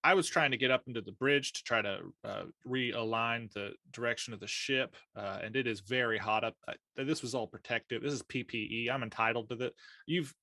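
A man's voice: mid-range voice, a little fast, sharp tone, no room sound. A man playing a flustered male engineer who stammers through a rambling bluff in a tabletop game. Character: flustered male engineer talking his way out of trouble.

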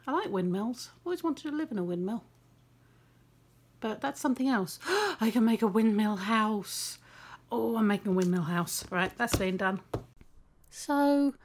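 A woman's voice: a little high, a little mellow. A young woman, talking casually and self-critically over her drawing, with many restarts and asides. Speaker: art vlogger.

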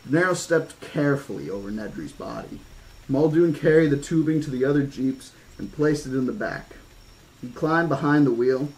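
A man with a middle-range voice narrating a novel aloud in a measured, horror-flavoured manner. Now and then he drops the narration for loose, casual asides. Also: medium pitch, a little mellow, poor audio. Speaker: audiobook reader. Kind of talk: horror-toned novel reading.

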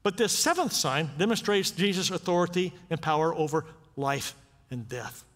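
A man's voice: a little high, expressive, normal speed, fairly bright tone. A man preaching a sermon as pastor, talking in a conversational way with frequent rhetorical questions. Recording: long reverb of a church sanctuary.

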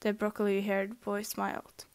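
A woman's voice: medium pitch, completely flat delivery, normal speed, a little mellow, clean tone. A young woman reading a fanfic aloud in a casual, amateur way, stumbling and restarting, sometimes slipping into a whisper. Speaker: fanfic reader.

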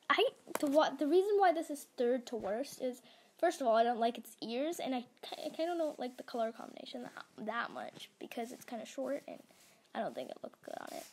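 A young woman giving casual, giggly gameplay commentary, gushing and stumbling over words. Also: high-pitched. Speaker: gaming vlogger.

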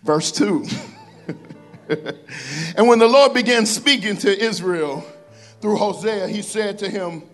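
A male pastor, preaching in church. He reads scripture slowly and with emphasis, and breaks off into joking asides to the congregation. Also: high voice, lively intonation, soft background music. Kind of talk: sermon. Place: church sanctuary.

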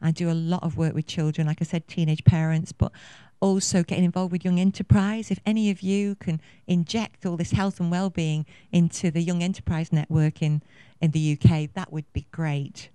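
A woman's voice: on the low side, steady tone, moderate pace, hardly any pauses, warm tone, smooth, no room sound. A woman in her fifties giving a conference talk, effusive and passionate, rambling with many fillers. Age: 50s. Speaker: conference speaker. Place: conference venue.

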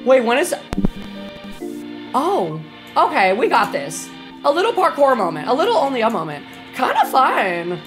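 A woman's voice: sits high, huge pitch swings, moderate pace, long pauses. A young woman live-streaming a game, chatting with her chat, a little tipsy, swearing and shrieking when startled. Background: game music.

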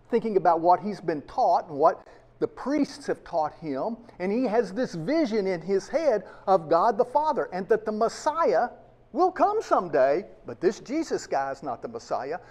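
A pastor from the United States, whose voice is high and a bit mellow, preaches to his congregation. His sermon is emphatic, packed with rhetorical questions.

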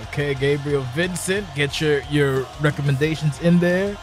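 A man hosting a live stream and calling a wrestling video game match play by play, animated and jokey, shouting at the big moves. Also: fairly high pitch, moderate pace, hardly any pauses, music in the background. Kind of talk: excitable play-by-play game commentary.

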